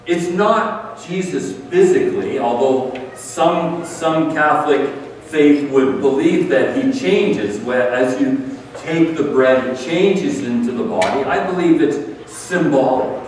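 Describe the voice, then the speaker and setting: Distant echoey pastor preaching. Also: male voice, on the high side, slow pace, a little mellow, slight background noise. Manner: earnest, conversational preaching with emphatic repetition. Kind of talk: communion sermon. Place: church sanctuary. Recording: echoey hall, far from the mic.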